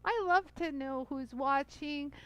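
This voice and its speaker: Bubbly high-voiced woman hosting a live demo. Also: takes it slowly, a bit bright, low-quality recording. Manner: bubbly, chatty, many fillers, addresses viewers as "you guys". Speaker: host of a live jewelry tool demo. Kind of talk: live-stream product demo.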